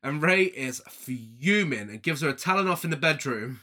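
A man's voice: on the high side, lively intonation, normal speed, sharp tone. A man casually recapping a film with a co-host, joking, laughing often and acting out lines. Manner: jokey, laughs often, camp asides, acts out quotes. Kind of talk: casual chat.

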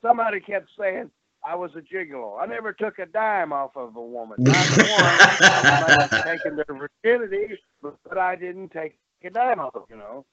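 A man's voice: high voice, lively intonation, brisk, a crowd in the background. An older man, a former wrestler, telling salty stories on a phone interview and laughing at his own tales. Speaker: former pro wrestler, guest. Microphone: telephone. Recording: tinny phone line.

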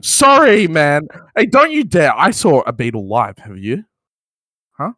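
A man co-hosting a podcast, excitable and teasing in casual chat. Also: a little high, unhurried. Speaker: podcast co-host.

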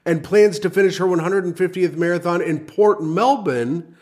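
A man's voice: high-pitched, normal speed, a little mellow. Crude joking male podcast host. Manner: crude, mock-serious news reading with jokes. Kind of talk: casual comedy podcast chat.

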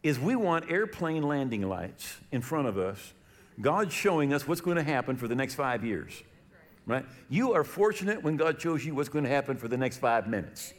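A middle-aged male pastor preaching a sermon, telling stories and acting out the voices in them loudly. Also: mid-range voice, moderate pace. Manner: animated storytelling, acts out quoted voices loudly.

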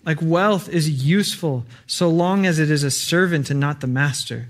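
A man's voice: on the high side, normal speed. A young adult man preaching an earnest, conversational sermon with frequent fillers.

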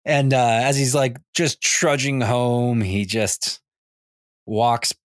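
A man's voice: medium pitch, takes it slowly, no echo, studio quality. A man co-hosting a podcast, retelling a comic book story in a rambling, filler-heavy way. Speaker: podcast co-host. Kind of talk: casual comic book chat.

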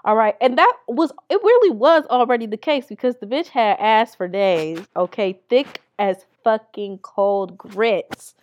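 A woman's voice: on the high side, lively intonation, measured pace, few pauses, highs cut off. A young adult woman hosting a podcast, telling candid stories in a blunt, profane way and laughing as she goes. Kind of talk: candid storytelling chat.

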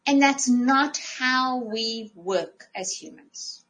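A woman's voice: fairly high pitch, slow pace, fairly bright tone, poor audio. A woman co-hosting a casual podcast as a life coach, talking animatedly, often restarting phrases and acting out her own thoughts.

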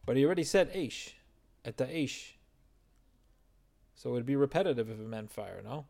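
A man's voice: medium pitch, animated, moderate pace, vocal fry, a little mellow. A man teaching a verse-by-verse Torah text study, explaining and translating Hebrew phrases as he goes.

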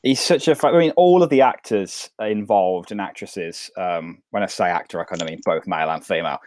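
A man's voice: deep voice, brisk, a little mellow, a little hiss or hum. A man co-hosting a podcast in casual chat, rambling with lots of fillers as he talks through his thoughts. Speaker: podcast co-host. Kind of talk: casual chat about a sitcom.

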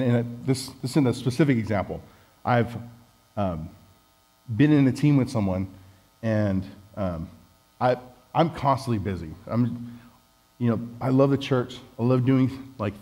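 A man's voice: medium pitch, warm tone, poor audio. A man preaching a conversational sermon, candid and self-deprecating as he talks with the congregation.

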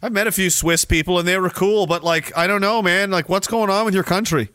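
A man hosting a livestream, reading chat and ranting in a sarcastic, profane way, dropping to mumbles and rising to loud outbursts. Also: sits high, brisk, smooth, dry recording, studio quality.

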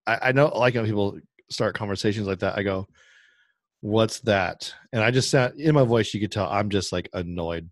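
Low-voiced man telling a story. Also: quick pace, hardly any pauses, dry recording. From Midwest US. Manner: animated storyteller, acts out quoted voices. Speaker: podcast host. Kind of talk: casual storytelling chat.

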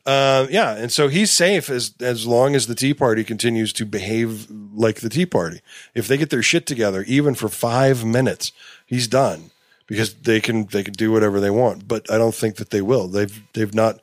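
A man ranting in a profane, animated way during a casual political chat. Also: on the low side, moderate pace, no echo, clean studio sound.

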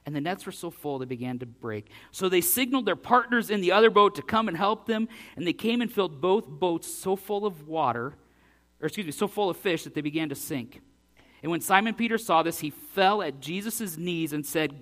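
A male pastor preaching a sermon and reading scripture aloud, acting out the dialogue with big swings in loudness. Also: on the high side, brisk.

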